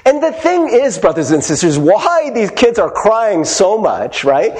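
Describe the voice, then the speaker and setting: A man's voice: sits high, unhurried. A male pastor preaching a casual, conversational sermon, often checking in with the congregation and acting out quoted voices. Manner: animated, conversational, frequent "right?" asides.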